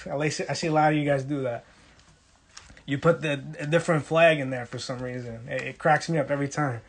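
A man's voice: on the high side, a bit bright, husky. A young man from Brooklyn, casually hosting a livestream, reading the chat and teasing viewers playfully. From Brooklyn, New York.

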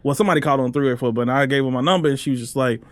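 A man's voice: mid-range voice, rapid-fire, no room sound. A man telling a story in casual podcast chat, laughing often and acting out the people he quotes.

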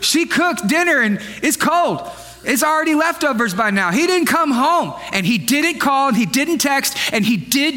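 A young man preaching a comedic sermon to a live church congregation, animated and joking, with playful asides to the crowd. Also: extremely high pitch, moderate pace, faint music behind. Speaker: pastor. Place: church sanctuary with live audience.

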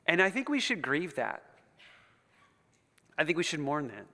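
Impassioned preacher man, bright forceful voice. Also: a little high, very animated, normal speed. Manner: impassioned, swinging from hushed near-whispers to loud rising build-ups; conversational asides and repetition. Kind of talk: sermon. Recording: long reverb of a large hall.

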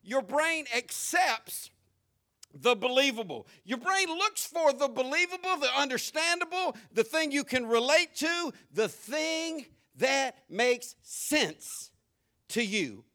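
A middle-aged male pastor preaching a sermon, calling out to his congregation and telling stories, rising to animated shouts. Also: extremely high pitch, slow. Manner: preaching with audience call-outs and storytelling.

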